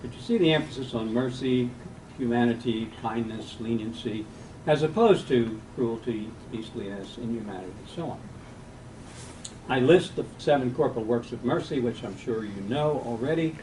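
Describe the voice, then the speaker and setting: A man's voice: medium pitch, moderate pace, mellow. Man lecturing to a class, distant mic. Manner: unscripted, reads quotes aloud with fillers and self-corrections. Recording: distant mic with faint room hiss.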